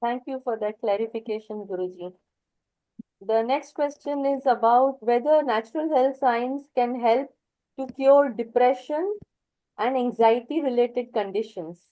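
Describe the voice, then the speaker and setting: Indian lady hosting a q&a, polite, mellow and dry sound. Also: fairly high pitch, unhurried, no room sound, poor audio. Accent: Indian English. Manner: polite, formal. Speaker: interview host. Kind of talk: moderating a Q&A panel.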